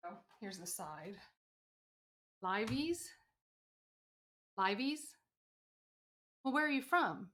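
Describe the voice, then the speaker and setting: Bright and pushed, her mid-range voice goes sing-song at normal speed with few pauses. This US crafter sews on a livestream, rambling chattily while reading out and responding to the chat.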